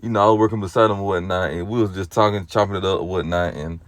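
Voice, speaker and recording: A man giving a casual spoken religious exhortation. He rambles and leans on fillers like "you know" and "or whatnot", moving between low, subdued stretches and loud, animated bursts. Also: fast, no room sound. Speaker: lay religious teacher.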